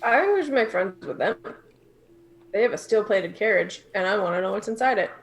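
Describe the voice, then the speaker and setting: A woman's voice: medium pitch, expressive, brisk, poor audio. A woman playing a tabletop game, hesitant and self-deprecating. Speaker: player.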